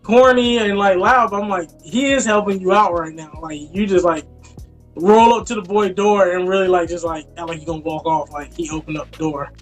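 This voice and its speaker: A man co-hosting a casual movie review chat, animated and jumping way up in pitch when he quotes his own reactions. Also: fairly quick, faint music behind.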